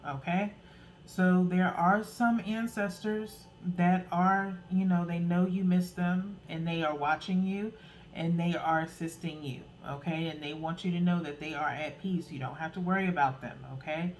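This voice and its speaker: A woman's voice: on the low side, steady tone, normal speed, slight background noise, rough recording. A woman giving a casual, earnest tarot reading, encouraging her listeners and ending phrases with a questioning "okay?". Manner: loose, rambling delivery with restarts. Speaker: tarot reader.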